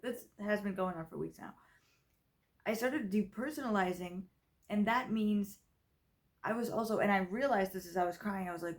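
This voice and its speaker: A woman's voice: mid-range voice, darkish tone. A young woman in her twenties telling a personal story in a casual vlog, rambling with lots of fillers and self-corrections, sounding tired. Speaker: vlogger. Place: grandmother's house.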